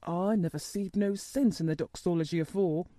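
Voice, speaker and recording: A woman doing a hoarse old gardener man. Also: fairly low pitch, moderate pace, dark tone, no echo, pitched below the performer's own voice, close to an everyday voice. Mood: moved. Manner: gruff, hoarse, dialect speech. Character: gruff old male gardener, gruff and stubborn.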